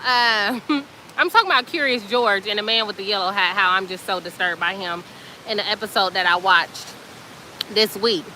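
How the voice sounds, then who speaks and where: A woman host telling a story in a casual, chatty way, animated and colloquial with plenty of fillers. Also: mid-range voice, normal speed, a little hiss or hum, poor audio.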